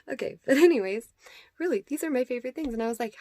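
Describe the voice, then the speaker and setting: A woman's voice: high-pitched, lively intonation, fairly quick, a little mellow, no room sound, studio quality. A young woman hosting a casual self-care vlog, rambling and chatty, laughing often and sometimes dropping into whispers. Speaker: vlogger host.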